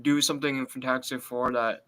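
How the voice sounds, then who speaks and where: A man on a casual live stream, talking excitedly and filling his speech with "bro" and "like". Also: medium pitch, fairly quick. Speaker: watch party co-host.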